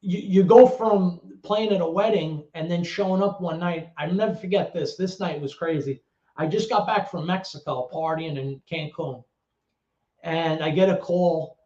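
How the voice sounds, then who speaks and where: A middle-aged man from the Bronx, telling stories in a casual interview, animated and swearing freely as he acts out other people's voices. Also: on the high side, normal speed. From the Bronx, New York. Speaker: guest, former actor and DJ. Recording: echoey room, dull lo-fi sound.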